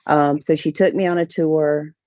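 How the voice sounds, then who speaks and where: A woman, a podcast guest telling a lively story about organizing fishing tournaments. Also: deep voice, moderate pace, no echo. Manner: animated storyteller, acts out others' lines. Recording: dull, dry podcast audio.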